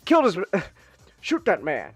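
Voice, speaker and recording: Guy streaming live, jokey and sweary, voice jumps all over, soft music going under it. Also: high-pitched, huge pitch swings, slow, slightly rough, dry recording. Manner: joking, swears freely, bursts into loud outbursts. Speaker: streamer host. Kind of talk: casual live-stream chat.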